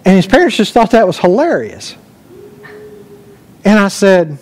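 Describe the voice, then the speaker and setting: A pastor with a high-pitched voice delivers a conversational sermon to his congregation. He moves between personal anecdotes, quoted dialogue and scripture read aloud. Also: very animated, a little slow, a little mellow, poor audio. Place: church sanctuary.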